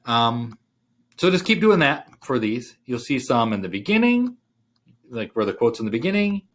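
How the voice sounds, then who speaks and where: A man's voice: medium pitch, big pitch swings, normal speed. A man teaching a college writing class, talking casually through a worksheet with fillers while he types. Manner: casual, thinking aloud with fillers. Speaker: writing instructor. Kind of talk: screen-share worksheet walkthrough.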